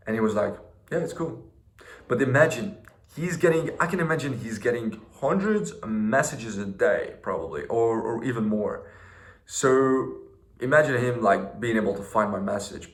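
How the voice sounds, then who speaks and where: A man's voice: on the low side, roomy sound. A young man telling a story in a casual vlog, rambling and slangy with lots of fillers and restarts. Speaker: vlogger.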